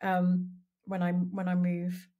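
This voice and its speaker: A woman's voice: fairly low pitch, monotone, slow, phone-quality sound. A woman hosting her own podcast from her dining room, talking candidly in a reflective solo monologue, often restarting sentences and laughing at herself. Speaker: podcast host.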